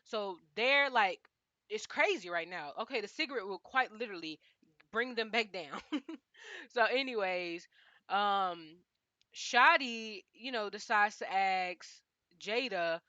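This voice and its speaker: A young woman recaps a reality show in an easy, slangy, animated way, often talking straight to the people she is discussing. Her voice is bright and forward. The recording is dry and close, with a slightly dull, lo-fi sound. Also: medium pitch, slow, no room sound. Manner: animated, chatty, slangy, frequently addresses cast members directly. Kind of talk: casual recap chat.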